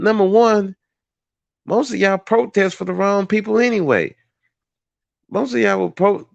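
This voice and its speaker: A man's voice: sits high, vocal fry, no room sound, highs cut off. Blunt, heated man ranting on a podcast. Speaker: podcast host. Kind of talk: solo commentary rant.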